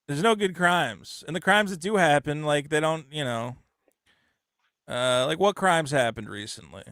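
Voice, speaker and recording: A man hosting a call-in show, rambling and swearing, acting out quotes in high voices. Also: expressive, a little slow, fairly bright tone, dry recording, studio quality. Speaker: host. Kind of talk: casual call-in show banter.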